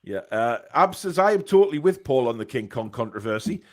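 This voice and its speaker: A man's voice: medium pitch, big pitch swings, fairly quick. A man hosting a casual football podcast, reading out live chat comments with lots of ums and uhs.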